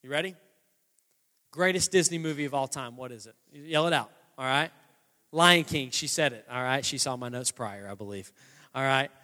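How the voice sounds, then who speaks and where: A man in his thirties preaching a sermon, telling a story with animated energy that builds into passionate, loud preaching. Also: mid-range voice, moderate pace. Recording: long hall reverb with faint guitar.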